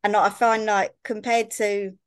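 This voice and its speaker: A woman's voice: medium pitch, little pitch movement, a little slow, smooth, dry recording, studio quality. A young woman from Sussex, a podcast guest, telling stories in casual chat and filling her sentences with "like" and "I remember.". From Sussex, England. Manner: chatty storyteller, peppered with "like" and "I remember".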